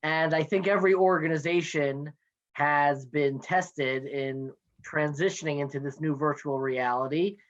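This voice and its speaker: In a casual interview chat, a guest in his thirties speaks on the high side with a steady tone, calling in by video from his home office. He's an NCSY education director, chatty, playful and fast with a joke, and the video call sound is dull and lo-fi.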